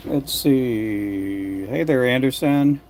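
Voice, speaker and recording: An older man making fishing lures in his workshop, chatting casually to a livestream audience in a soft, rambling way with frequent restarts. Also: mid-range voice, takes it slowly, a little hiss or hum. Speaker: lure maker livestreaming. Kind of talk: casual livestream chat while working.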